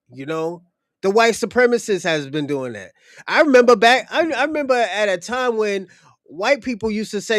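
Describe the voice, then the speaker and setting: A young man with a fairly high voice talks in a loose, heated podcast discussion. He is blunt and profane and circles back to repeat his points. The sound is dry and close, with no room echo. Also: animated, moderate pace. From United States. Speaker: podcast host. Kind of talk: casual unscripted discussion.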